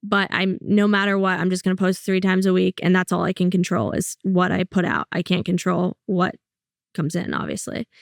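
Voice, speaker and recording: A young woman, a comedian talking casually and bluntly as a guest, telling stories and slipping in quick quoted asides. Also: fairly low pitch, creaky, no echo, clean studio sound. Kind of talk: casual interview chat.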